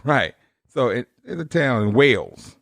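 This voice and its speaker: A man's voice: medium pitch, very animated, unhurried, vocal fry, fairly bright tone, no room sound, studio quality. A man co-hosting a casual podcast who rambles, repeats himself and laughs a lot. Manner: rambling, stammering, laughs often. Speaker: podcast co-host.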